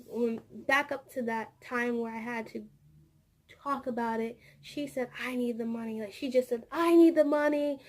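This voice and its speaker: A woman vlogger and childcare teacher telling a rambling story about her workday, repeating words and acting out what people said. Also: fairly high pitch. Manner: rambling, repeats words, acts out quoted dialogue. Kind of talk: casual storytelling vlog.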